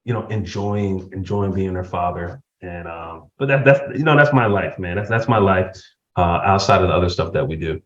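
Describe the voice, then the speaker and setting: Animated man with dull lo-fi sound. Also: low-pitched, moderate pace. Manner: animated storyteller, laughs while telling stories. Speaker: podcast guest. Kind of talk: casual chat.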